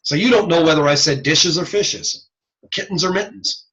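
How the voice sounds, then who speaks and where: A man giving a recorded lecture on hearing and speech sounds, casual and animated, often demonstrating sounds aloud. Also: a little high, normal speed, poor audio.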